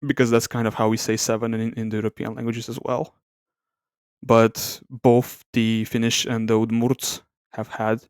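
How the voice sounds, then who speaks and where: A man hosting an ASMR language comparison, speaking softly, thinking aloud and correcting himself as he goes. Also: fairly low pitch, clear, resonant tone, no echo, studio quality. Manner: soft-spoken, reluctant to talk aloud. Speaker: language video host.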